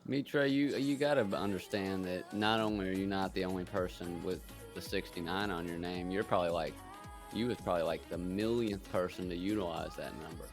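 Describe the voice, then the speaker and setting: Deep-voiced, laid-back male co-host. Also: brisk, faint music behind. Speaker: stream co-host. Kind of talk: casual live-stream chat.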